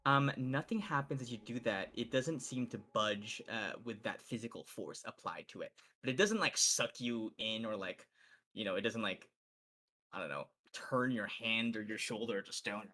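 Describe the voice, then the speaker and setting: A man's voice: on the low side, normal speed, sharp tone. A man narrating as game master of a tabletop game, with many fillers and restarts. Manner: hesitant, filler-heavy narration.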